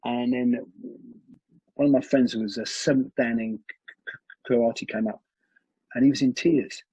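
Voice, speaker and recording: A man, a martial arts coach, telling animated stories in a conversational interview, often restarting his sentences. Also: medium pitch, moderate pace, slightly rough, no echo. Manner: animated storyteller with frequent restarts. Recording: dull lo-fi recording.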